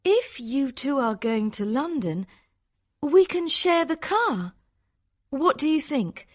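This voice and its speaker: A man's voice: very high-pitched, sing-song, slow, fairly bright tone, pitched above the performer's own voice, heavily acted. A man reading a story aloud, voicing an anxious young woman traveller who pleads urgently.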